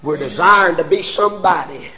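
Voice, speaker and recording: An older, high-voiced preacher gives a fiery, impassioned sermon at a slightly fast pace. He swells into shouts and stammers over repeated words as his passion outruns him, then drops low to drive a point home.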